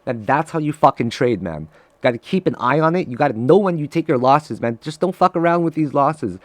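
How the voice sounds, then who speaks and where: A man giving live trading commentary to his viewers, excitable and profane, swinging from loud frustrated outbursts to low muttering. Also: fairly quick, no room sound. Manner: talks straight to viewers, calling them guys. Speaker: day trader streaming live trades.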